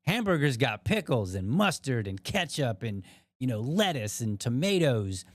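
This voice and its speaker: A man's voice: mid-range voice, big pitch swings, normal speed, no echo, clean studio sound. A man putting on the voice of a grumpy little boy who scoffs indignantly at a plain burger. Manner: indignant, mocking.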